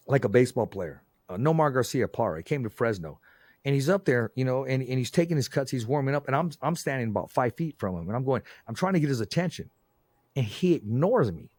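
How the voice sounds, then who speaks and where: A man hosting a podcast, telling stories in a lively casual way, often saying "man" and "bro". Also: medium pitch, no room sound. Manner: animated storyteller, frequent "man" and "bro". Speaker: podcast host. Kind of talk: casual conversation.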